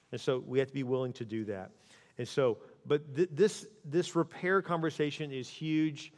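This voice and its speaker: A male pastor giving a conversational sermon on marriage. Now and then he goes quiet and soft to act out what a spouse might say. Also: medium pitch, normal speed, big-room sound.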